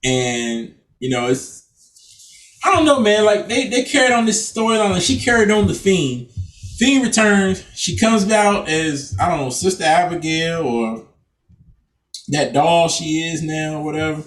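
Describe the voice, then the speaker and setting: A man's voice: fairly high pitch, animated, measured pace, distant mic. A man co-hosting a casual podcast, talking loosely and cursing as he acts out quotes. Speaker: podcast co-host. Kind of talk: casual chat. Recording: echoey room, off-mic.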